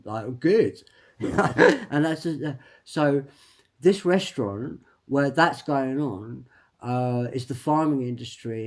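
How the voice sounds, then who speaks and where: A man talking alone to camera in a rambling personal monologue, halting and emphatic, with many restarts and repeated words. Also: medium pitch, a little mellow. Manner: emphatic, tags lines with "right?". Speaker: vlogger.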